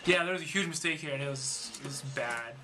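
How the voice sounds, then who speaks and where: A man's voice: on the high side, fast, over music. A man reading his own fan story to friends, rambling and correcting himself as he goes. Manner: rambling, self-correcting narration. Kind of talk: casual read-through with friends.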